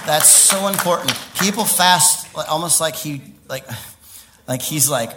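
A man preaching a lively sermon, laughing often, with sudden high exclamations and quiet stretches. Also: a little slow, heavy background noise.

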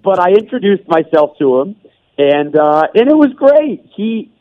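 A male broadcaster chats in a loose, rambling way, fairly high in pitch. His voice comes over a dull, muffled remote line with no room around it. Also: big pitch swings, a little slow, dry recording. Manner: rambling, chatty, often laughing. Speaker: play-by-play broadcaster, guest. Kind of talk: radio interview chat.

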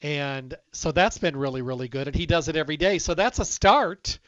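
A man's voice: on the high side, animated, a little fast, fairly bright tone, no echo. A middle-aged man hosting a health talk, telling stories in a casual, emphatic way and acting out both sides of conversations. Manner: emphatic, conversational, acts out quoted dialogue. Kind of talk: casual storytelling monologue. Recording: dull, slightly lo-fi dry recording.

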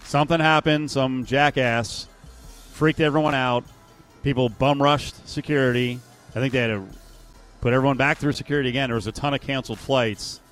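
A man's voice: medium pitch, a little fast. Rambling male radio co-host, music behind. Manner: animated, rambling, joking asides. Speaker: radio sports talk co-host. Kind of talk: casual sports radio banter.

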